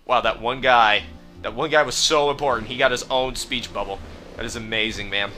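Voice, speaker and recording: A man's voice: mid-range voice, steady tone, fairly quick, pushed and bright, a little hiss or hum. Sarcastic young gaming commentator, man. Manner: sarcastic and exasperated. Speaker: let's play commentator. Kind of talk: casual game commentary. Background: faint game music.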